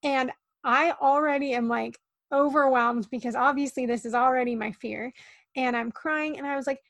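A young woman with a high, gravelly voice tells a personal story as a podcast guest. She talks in an earnest, tumbling way, heavy with likes and ums. The sound is close and dry, with no room around it. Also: steady tone, moderate pace, fairly bright tone, no echo.

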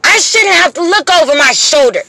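A woman's voice: extremely high pitch, animated, pushed and bright, no room sound, poor audio. A single mother speaking in an impassioned, pleading monologue, swearing often and close to tears at times. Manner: impassioned, pleading, profane, slow deliberate emphasis. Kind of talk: emotional monologue to camera.

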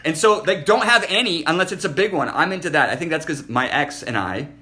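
A man's voice: a little high, expressive, fairly quick, bright, forceful tone. A man hosting a podcast, talking in a crude and blunt way, rambling and swearing freely. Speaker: podcast host. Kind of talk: casual chat.

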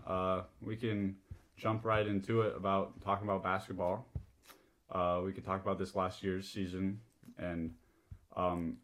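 A young man hosting a podcast, rattling through quick questions with lots of "uh" fillers and easy laughter. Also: deep voice, a bit bright. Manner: laughing easily, many "uh" fillers. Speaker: podcast host. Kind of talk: casual chat, rapid-fire question game.

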